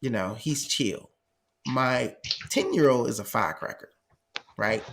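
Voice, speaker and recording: A man's voice: mid-range voice, a little slow. A man telling a family story in casual chat, laughing often and acting out the voices of the people in it. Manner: animated, laughing, acts out voices in stories. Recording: noisy background.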